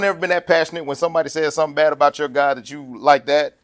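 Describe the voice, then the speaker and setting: A man preaching with a slightly raised pitch, keeping things conversational and animated. He acts out quotes between points and laughs easily while he talks. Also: very fast, hardly any pauses. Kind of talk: sermon.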